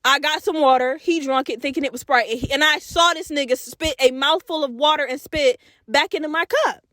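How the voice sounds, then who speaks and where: A woman hosting a podcast, telling a story in a casual, animated and profane way, laughing and acting out voices. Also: sits high, a little fast, no echo, studio quality. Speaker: podcast host.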